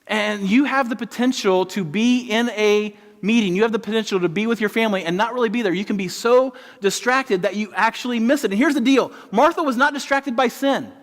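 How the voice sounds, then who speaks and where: Fairly quick and barely pausing, this middle-aged pastor delivers a spirited sermon in a voice that's high for a man. The large church hall gives long reverb, and his stories climb in lively rises before falling to quiet drops.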